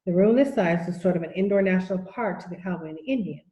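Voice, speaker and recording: A woman reading a children's novel aloud in a steady, even manner, in an echoey room. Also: fairly low pitch, quick pace, dull audio. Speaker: audiobook reader. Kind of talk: storybook narration.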